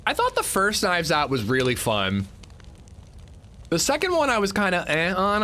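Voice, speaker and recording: A man's voice: sits high, huge pitch swings, moderate pace, bright, forceful tone, a little hiss or hum. A man streaming a game, casually chatting with his viewers and swearing when something annoys him. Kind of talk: casual livestream chat while gaming.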